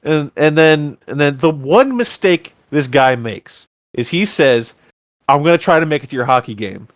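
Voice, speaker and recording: Podcast co-host, male, fairly high voice, dry close sound, lively storyteller who acts out the scenes. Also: moderate pace, no room sound. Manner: animated retelling, acts out characters' lines. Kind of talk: casual movie review chat.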